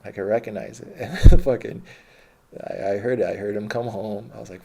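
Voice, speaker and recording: Male storyteller, low and dark-toned, casual and profane, meanders and corrects himself mid-sentence. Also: little pitch movement, a little fast, creaky, slightly rough. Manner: rambling, profane, self-correcting.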